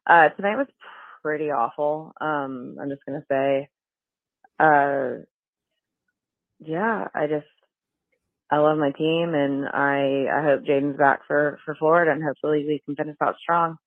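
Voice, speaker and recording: Woman leaving a shy voicemail, lots of ums, flat tone, tinny phone line. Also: low-pitched, unhurried, pauses often, no echo. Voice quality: hesitant, many ums. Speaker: voicemail caller. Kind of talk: voicemail message.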